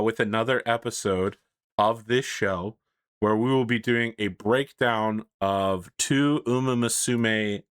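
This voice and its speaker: A man hosting a casual podcast chat, animated, laughing often and swearing freely. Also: on the low side, clear, resonant tone, no echo, studio quality. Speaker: podcast host.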